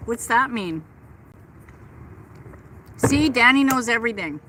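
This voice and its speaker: A woman's voice: fairly high pitch, lively intonation, measured pace, noisy background. A middle-aged woman hosting a casual livestream from a park, chatting and gushing as she answers her viewers, talking into a phone she holds as she walks. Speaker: livestream host. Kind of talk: casual live chat with viewers. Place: outdoors in a park.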